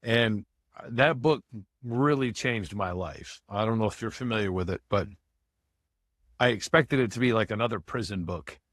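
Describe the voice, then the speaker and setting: A man's voice: on the low side, moderate pace, a bit bright, dry recording, studio quality. A man from Michigan, a guest in a podcast interview, telling his life story in a candid, conversational way. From Michigan, USA. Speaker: guest, motivational speaker.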